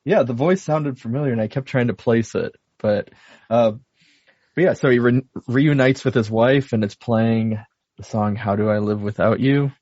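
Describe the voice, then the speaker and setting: Husky guy on a movie podcast, recapping plot, dull dry mic. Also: medium pitch, normal speed, a little mellow, no echo. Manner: laughs often, recapping the plot. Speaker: podcast co-host. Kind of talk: casual movie podcast chat. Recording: dull dry home recording.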